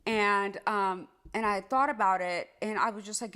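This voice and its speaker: A woman's voice: mid-range voice, measured pace, clear, resonant tone. A woman telling her own relationship story in a casual storytime, acting out the quoted lines. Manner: animated, acts out quoted dialogue.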